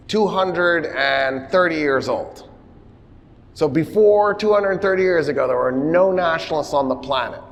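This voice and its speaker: A man giving a humorous history lecture, telling the story in an animated way and acting out quotes. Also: a little high. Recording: long reverb of a lecture hall.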